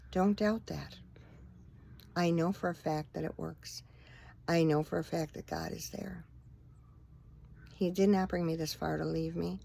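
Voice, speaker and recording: Her voice low, gravelly, and dark, a middle-aged minister and vlogger speaks earnestly to her phone camera about faith, wandering along with fillers in a casual way.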